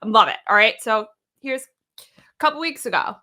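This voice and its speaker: A young woman co-hosting a morning show, telling a story in an animated, chatty way and laughing often. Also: on the high side, normal speed. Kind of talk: casual chat.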